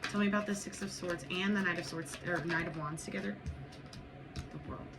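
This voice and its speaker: A woman's voice: fairly low pitch, steady tone, brisk, gravelly. Blunt, profane woman giving a tarot reading. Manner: blunt, profane and emphatic, with repeated urging. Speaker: tarot reader. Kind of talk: spiritual tarot reading to viewers. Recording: noisy background.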